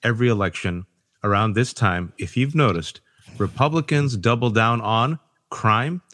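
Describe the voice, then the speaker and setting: Emphatic, fired-up man on a podcast panel. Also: medium pitch. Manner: emphatic and animated, quick bursts, mimics people. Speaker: panel guest. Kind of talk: impassioned political podcast discussion.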